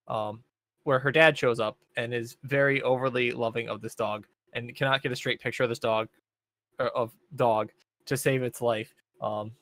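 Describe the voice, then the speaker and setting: A man's voice: medium pitch, a bit bright. Laid-back young man recapping a show. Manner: laid-back, rambling recap with many fillers. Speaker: podcast co-host. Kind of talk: casual chat.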